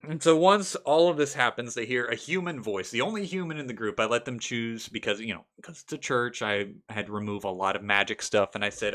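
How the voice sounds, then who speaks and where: Bright-voiced young man telling game stories. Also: medium pitch, a little fast, hardly any pauses. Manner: animated, laughs often, acts out characters. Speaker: game master telling a story. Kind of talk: casual storytelling vlog.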